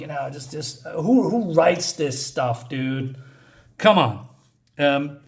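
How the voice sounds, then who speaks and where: A man's voice: a little high, moderate pace. A man reviewing a comic book in a casual, rambling way, sarcastic and exasperated. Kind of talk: casual commentary with read-aloud dialogue.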